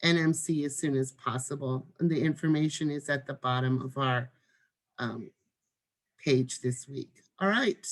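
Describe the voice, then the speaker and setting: A woman teacher giving an online lesson on reading a text aloud, measured and demonstrating with marked pauses. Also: a bass voice.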